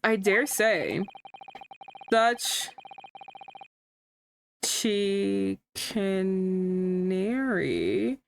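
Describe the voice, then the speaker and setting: A woman voicing a haughty aristocratic male prosecutor, reading game dialogue in a slow, lowered, pompous voice. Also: lively intonation, creaky, heavily acted.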